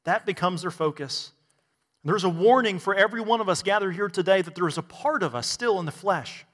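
A man's voice: high voice, brisk, fairly bright tone, in a large hall. A man preaching a sermon to a congregation, asking rhetorical questions and adding bits of humor. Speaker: pastor.

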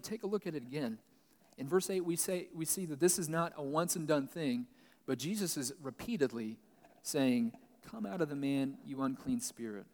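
A man's voice: fairly high pitch, darkish tone. A man pastor giving Bible teaching, reading a passage and then explaining it plainly. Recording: long reverb, large hall.

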